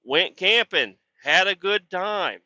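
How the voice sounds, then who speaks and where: A man's voice: high-pitched, animated, slow, pushed and bright, dry recording. A man who hauls water as a truck driver talks casually on his podcast, rambling, grumbling and swearing about his job. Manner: profane, grumbling and frustrated, with many fillers. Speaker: podcast host. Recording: dull lo-fi sound.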